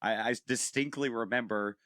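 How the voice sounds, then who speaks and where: A man hosting a podcast, telling stories in a relaxed way and quoting others as he goes. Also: medium pitch, moderate pace, dry recording, clean studio sound. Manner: relaxed storyteller, quotes others. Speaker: podcast host. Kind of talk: casual podcast chat.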